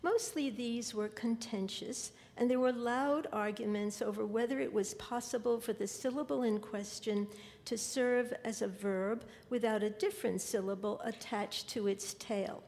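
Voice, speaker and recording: A woman reading her literary fiction aloud in a measured, deliberate way. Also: fairly high pitch, steady tone, darkish tone. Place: lecture hall. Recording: long hall reverb.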